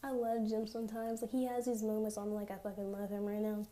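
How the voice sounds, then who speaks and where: A woman's voice: medium pitch, little pitch movement, fairly quick, mellow. Chatty, profane woman recapping a show. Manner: chatty, profane, sarcastic asides; acts out characters' lines in quoted voices. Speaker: TV recap vlogger. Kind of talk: casual recap commentary.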